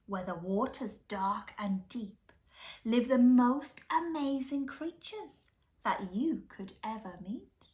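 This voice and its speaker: Preschool teacher, woman, animated storytime reader, slow and expressive, echoey room. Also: on the high side. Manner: animated, gasps and asks children questions. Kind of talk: reading a picture book to young children.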